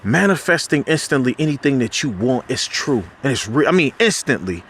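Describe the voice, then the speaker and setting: A man giving an impassioned spiritual talk, loose and conversational, with slang and restarts. He climbs sharply in pitch whenever he drives a point home. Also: sing-song, a little fast, few pauses, fairly bright tone, slightly rough. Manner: preachy, rises sharply in pitch when making a point. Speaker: motivational speaker.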